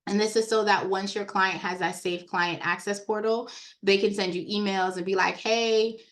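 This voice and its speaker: Speaking at normal speed in a steady, medium-pitched voice, a woman who trains people on software demonstrates credit repair software over a screen share. Her tone is relaxed and talkative, addressed straight to her audience.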